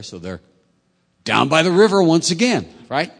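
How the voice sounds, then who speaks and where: Husky-voiced pastor preaching in a hall. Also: male voice, a little high, big pitch swings, normal speed. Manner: conversational, asks the congregation rhetorical questions. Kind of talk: sermon. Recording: echoey hall.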